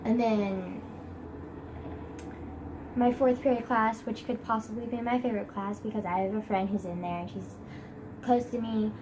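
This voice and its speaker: A woman's voice: on the high side, fairly even intonation, normal speed, pauses often, noisy background. A teenage girl vlogging casually about school from her bed, rambling and dramatic with many fillers. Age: teens. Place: bedroom, sitting on a bed.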